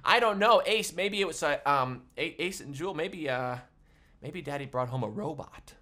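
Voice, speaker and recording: A man teaching a livestreamed music class for small children, talking in an animated, sing-song way. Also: a little high, normal speed.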